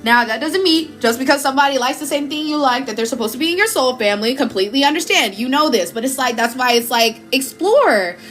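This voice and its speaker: A young woman reads tarot on a casual livestream, chatty and encouraging. Her voice sits a little high and she laughs easily. Soft music plays faintly behind her. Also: animated, fast, few pauses.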